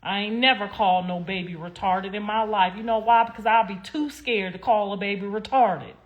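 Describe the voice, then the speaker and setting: A young woman ranting on her own livestream in a mid-range voice. She is blunt and heated, cursing freely. She swings from loud outbursts down to low mutters. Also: a little fast, lo-fi sound. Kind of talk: casual livestream rant.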